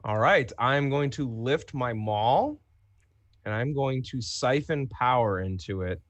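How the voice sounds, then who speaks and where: A man's voice: medium pitch, slow pace, no echo. A man playing a tabletop role-playing game, describing his character's moves and checking rules. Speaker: player.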